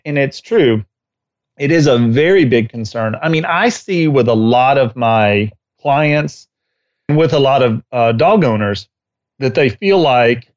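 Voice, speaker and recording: A man co-hosting a podcast on dogs talks casually and tells stories with animated energy. His voice sits in a middle range, and the recording is a little muffled and lo-fi. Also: mid-range voice. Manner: animated storyteller who acts out scenes. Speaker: dog trainer and co-host.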